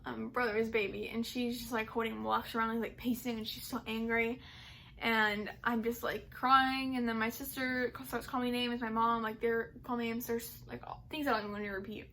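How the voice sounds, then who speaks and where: A young adult woman vlogger tells a personal story to camera in a casual, rambling way, full of "like" and "um." Her fairly high, sharp voice keeps a level tone at a moderate pace, with a little hiss or hum.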